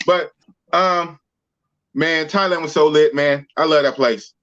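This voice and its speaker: A man from Oakland, California, hosts a podcast with slangy, playful casual chat. His voice sits notably high. The stream audio is dull and muffled. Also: steady tone, unhurried, a bit bright. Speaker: podcast host.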